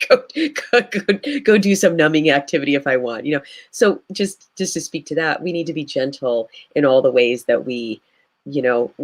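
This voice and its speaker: A woman who works as a grief guide, speaking earnestly and reflectively in a live video interview, with frequent "you know" fillers. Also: low voice.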